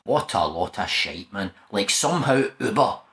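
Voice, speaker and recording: A man's voice: lowish voice, animated, normal speed, a bit bright, echoey room. A man with a Glaswegian Scottish accent, answering his mate with dry, scoffing, sweary comebacks. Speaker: comedy sketch performer. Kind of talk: scripted comedy chat.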